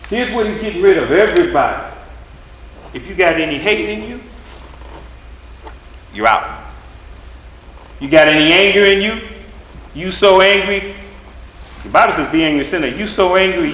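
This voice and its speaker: A man's voice: on the high side, sharp tone, a little hiss or hum. Emphatic preacher man in an echoey room. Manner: emphatic, repetitive preaching cadence with rhetorical questions. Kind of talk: sermon.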